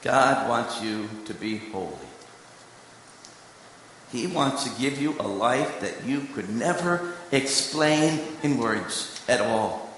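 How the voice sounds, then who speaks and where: A man preaching in a large hall, his voice bright and forceful. His story moves between hushed asides and strong emphasis, and every word rings out with a long, echoing reverb. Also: mid-range voice, lively intonation, slow, a little hiss or hum. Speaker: preacher and candidate recruiter. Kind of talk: sermon.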